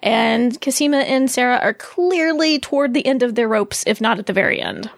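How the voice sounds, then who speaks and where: A woman co-hosting a podcast in casual chat, animated and laughing often as she talks. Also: fairly high pitch, normal speed, creaky, dry recording, studio quality. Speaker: podcast co-host.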